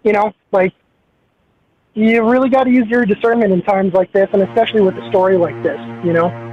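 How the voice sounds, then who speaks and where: A man's voice: high voice, fairly even intonation, a little fast, soft background music. A man calling in to a radio show, talking casually and hesitantly with many fillers. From Minneapolis area. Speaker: caller. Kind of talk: phone-in conversation. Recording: dull phone line with faint hiss.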